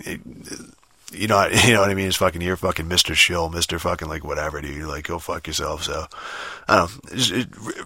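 A man's voice: sits low, sharp tone, no echo. A man hosting a solo podcast, rambling in a casual rant, swearing heavily and filling gaps with ums and restarts. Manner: rambling, heavy swearing, many fillers and restarts. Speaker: podcast host.

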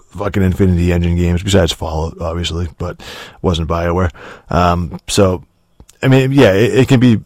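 A man's voice: low voice, moderate pace, darkish tone, no room sound, clean studio sound. A man giving a casual, rambling spoken review of a video game, full of swearing, fillers and restarts.

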